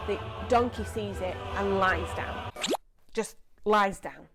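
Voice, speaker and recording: A young woman presenting a lively children's church story, chatty and animated. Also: mid-range voice, takes it slowly, background noise. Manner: animated, chatty, acts out voices.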